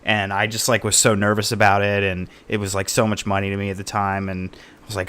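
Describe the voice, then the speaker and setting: A man's voice: fairly low pitch, little pitch movement, brisk, a bit bright, smooth. A man as a podcast guest, telling his story in a rambling way with many fillers. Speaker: podcast guest, knife collector. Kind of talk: casual podcast interview.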